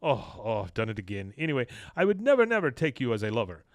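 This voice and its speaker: A man voicing a suave middle-aged television star, raising his pitch and speaking with formal politeness. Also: big pitch swings, fast, no echo. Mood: polite.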